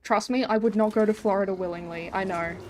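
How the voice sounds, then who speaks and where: A woman's voice: medium pitch, steady tone, quick pace, a little mellow. A young Australian woman streaming a game, chatting casually with many fillers and frequent swearing. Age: young adult. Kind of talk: casual live-stream chat.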